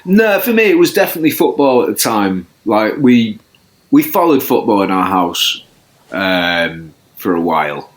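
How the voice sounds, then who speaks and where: A man's voice: lowish voice, big pitch swings, normal speed. A man, a podcast guest chatting casually, rambling and self-deprecating with many restarts. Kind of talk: casual chat.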